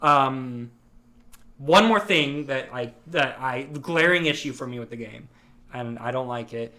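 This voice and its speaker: A man's voice: medium pitch, unhurried, pushed and bright. A man hosting a podcast in casual chat, steering the talk and griping openly about things he dislikes. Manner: leads the talk, gripes openly. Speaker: podcast host.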